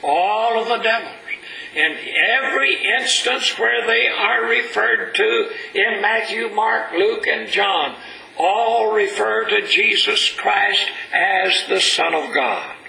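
A man preaching a sermon in a church, slow and emphatic, reading scripture aloud and rising in pitch for emphasis. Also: gravelly, bright, forceful tone, echoey room, rough recording.

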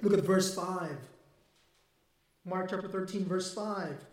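A man preaching a sermon with emphatic delivery that swells toward near-shouting. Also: high voice, slow pace, echoey room.

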